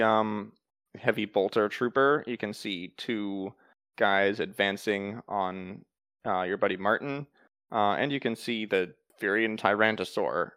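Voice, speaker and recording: Gravelly, low-voiced male game master. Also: dry recording. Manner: calm, matter-of-fact explaining of rules. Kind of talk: narrating a tabletop game.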